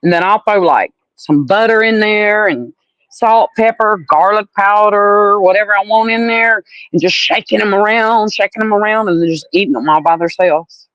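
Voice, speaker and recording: A woman's voice: medium pitch, normal speed, a bit bright, no room sound, lo-fi sound. Salty Southern woman chatting on a livestream. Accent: Southern US (Alabama). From Alabama, US. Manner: chatty, blunt and salty, calls people honey. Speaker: livestream host. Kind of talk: casual livestream chat with viewers.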